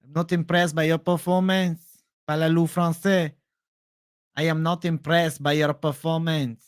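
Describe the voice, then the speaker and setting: A man's voice: on the high side, flat delivery, a little slow, smooth, close to an everyday voice. Haughty French-Canadian fighter, clipped and disdainful, as a man's impression.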